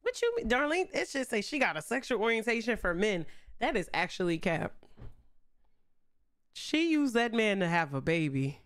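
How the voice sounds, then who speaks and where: A woman's voice: mid-range voice, sing-song, normal speed, pauses often, no echo, clean studio sound. A young woman streaming a life-simulation game, chatting in slang and talking to her characters as she plays. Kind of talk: casual game commentary.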